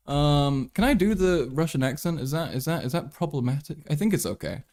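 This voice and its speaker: A man's voice: fairly high pitch, animated, fairly quick, hardly any pauses, a little mellow. A man with a half English, half German background hosts a livestream, rambling casually, swearing and restarting his thoughts. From England and Germany. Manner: rambling, profane, thinks aloud with many restarts. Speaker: livestream host.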